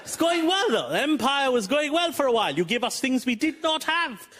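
Wry Indian stand-up comedian. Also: male voice, extremely high pitch, sing-song, brisk. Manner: wry and conversational. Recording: loud background noise.

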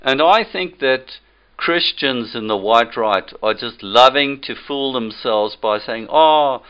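A man's voice: mid-range voice, slow, smooth, lo-fi sound. A man giving an emphatic, lecturing monologue as a political commentator. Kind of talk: opinionated monologue.

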